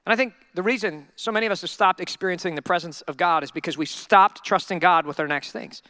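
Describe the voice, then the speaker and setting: A male pastor preaching a sermon in a humorous, animated storytelling way. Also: high voice, quick pace, no room sound, studio quality.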